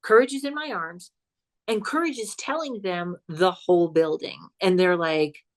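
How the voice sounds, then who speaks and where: A woman guesting on a podcast as a psychic comedian, telling a spooky story in an animated, chatty way and laughing as she goes. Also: fairly low pitch, normal speed. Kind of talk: casual storytelling chat.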